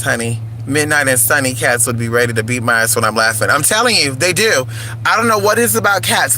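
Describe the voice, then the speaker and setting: A man's voice: a little high, bright, forceful tone, a little hiss or hum, poor audio. A man vlogging in casual chat, playful and crude, calling his viewers honey and y'all.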